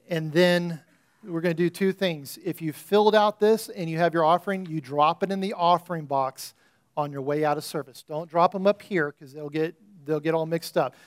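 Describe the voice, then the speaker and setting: Pastor, mid-high voice, conversational sermon and fervent prayer. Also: male voice, clean tone. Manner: conversational, storytelling preacher, rising into fervent prayer. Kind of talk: church sermon and offering prayer. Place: church sanctuary before a congregation.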